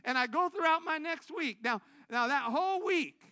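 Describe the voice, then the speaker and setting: A man preaching a testimony sermon to a congregation, telling his story with laughs and self-mockery, swinging between loud excited bursts and quiet low asides. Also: moderate pace, gravelly. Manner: animated, self-mocking, laughing through the story.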